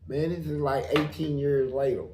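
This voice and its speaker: A man's voice: on the high side, fairly even intonation, moderate pace, echoey room, noisy background. A man telling a prison story in a blunt, profane way, full of sound words. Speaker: storyteller guest.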